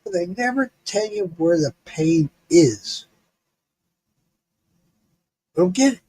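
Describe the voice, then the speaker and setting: A man's voice: high voice, moderate pace, breathy edge. A middle-aged man streaming live, telling a story in a casual, profane way, laughing often. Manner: profane, laughing, animated retelling.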